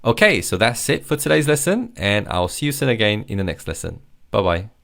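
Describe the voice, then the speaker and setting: Lively low-voiced man teaching vocabulary. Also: brisk. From Korea. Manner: patient, clear explanations with repeat-after-me drills. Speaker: language teacher. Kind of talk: scripted language lesson.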